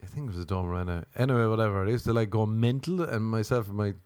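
A man's voice: on the low side, racing, darkish tone, clear, resonant tone, no room sound. A man with an Irish accent telling a rambling comic rant, swearing freely and mocking people. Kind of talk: casual comedic rant.

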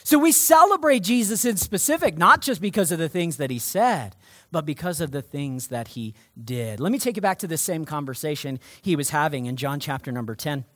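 Man, pastor, emphatic sermon, lively swooping pitch, dry close sound. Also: fairly quick, no room sound. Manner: emphatic, energetic preaching.

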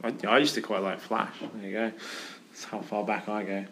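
A man's voice: fairly low pitch, fairly even intonation, a little fast, fairly bright tone, a little hiss or hum. A man hosting a casual podcast chat in an office, telling a rambling story with plenty of fillers. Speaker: podcast host.

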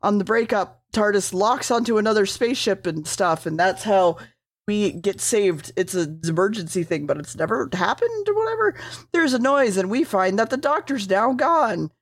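A woman gives a loose, rambling episode recap, cursing casually and often correcting herself mid-sentence. Her pitch is mid-range for a woman. The recording is dry, with no room echo. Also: big pitch swings, moderate pace. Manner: rambling, swearing, self-correcting.

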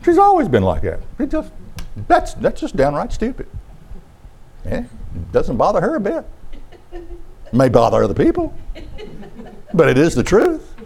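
A man's voice: sits high, huge pitch swings, a little slow, vocal fry, pauses often, darkish tone. A middle-aged man preaching a sermon in a folksy, conversational way with sarcastic asides.

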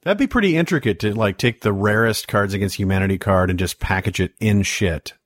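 A man co-hosting a podcast in casual chat, joking quickly and laughing easily. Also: on the low side, no room sound, clean studio sound. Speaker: podcast co-host.

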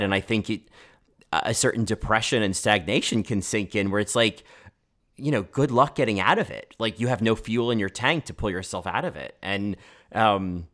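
A man's voice: fairly low pitch, a bit bright. A man talking casually about a film, full of filler words and restarts. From United States. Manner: chatty, many filler "like"s and restarts.

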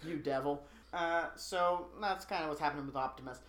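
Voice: medium pitch, a bit bright. Rambling, joking podcast co-host. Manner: rambling, joking, full of fillers and quick asides. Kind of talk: casual chat, recapping a movie plot. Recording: roomy echo.

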